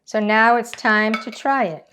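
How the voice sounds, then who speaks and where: A woman's voice: on the high side, steady tone, measured pace, a bit bright, a little hiss or hum. A woman hosting a casual home cooking demonstration, chatting through each step as she cooks in her kitchen. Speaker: cooking channel host.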